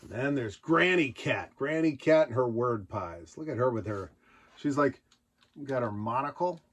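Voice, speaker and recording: A man's voice: medium pitch, animated, moderate pace. A man hosting a nostalgia show, joking his way through old children's books and sometimes putting on silly voices. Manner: jokey, puts on silly character voices. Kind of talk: casual comedic commentary.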